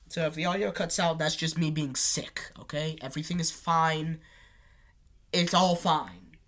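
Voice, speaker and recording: A woman's voice: low voice, a bit bright. A woman with a sick voice telling a personal story to her channel, rambling and correcting herself as she goes. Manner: rambling, restarts and self-corrections. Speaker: storytime video host. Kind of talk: casual storytelling.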